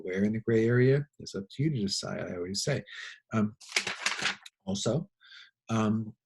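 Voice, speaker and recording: Gravelly-voiced teacher telling a classroom story. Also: male voice, lowish voice, low-quality recording. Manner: rambling, animated anecdotes with laughs. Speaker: high school teacher. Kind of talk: casual lecture with storytelling.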